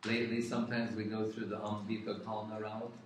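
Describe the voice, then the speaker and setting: A man giving a devotional talk, earnestly recounting sacred stories with frequent pauses. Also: lowish voice, flat delivery, slight background noise. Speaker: devotional speaker. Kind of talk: devotional storytelling discourse. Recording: echoey room, distant mic.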